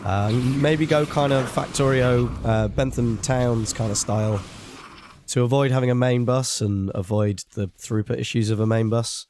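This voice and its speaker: A man's voice: medium pitch, steady tone, normal speed, a little mellow, slight background noise. A man chatting casually and rambling with self-deprecating remarks while streaming a video game. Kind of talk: casual live-stream commentary.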